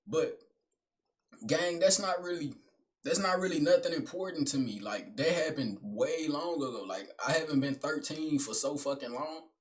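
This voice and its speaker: A young man voicing a calm, reasoning side of himself in a low, quiet, measured tone. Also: natural voice.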